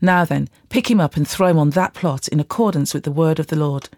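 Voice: mid-range voice, fairly quick, a little mellow, dry recording, clean studio sound, natural voice. A reader voicing a stern army commander. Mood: commanding. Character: fierce male army commander turned king. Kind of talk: scripture reading.

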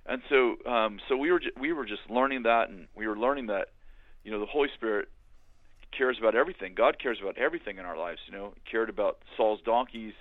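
An older man telling his story in a halting, conversational way, with many restarts, as a guest on a remote call. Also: on the low side, no echo. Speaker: guest, author and minister. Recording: tinny phone-like line.

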